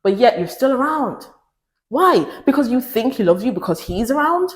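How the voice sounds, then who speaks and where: A woman's voice: big pitch swings, moderate pace. Emphatic woman preaching advice, echoey room. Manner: emphatic, preachy, repeats phrases for stress; mimics others in raised pitch. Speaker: relationship advice vlogger. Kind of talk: direct-to-camera advice talk.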